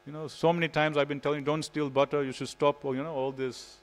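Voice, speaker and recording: A man's voice: a little high, level tone, quick pace, natural voice. A man voicing the boy Balram as a protective elder brother who scolds and boasts, in a reverberant temple hall. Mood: chiding. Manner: scolding, exclaiming.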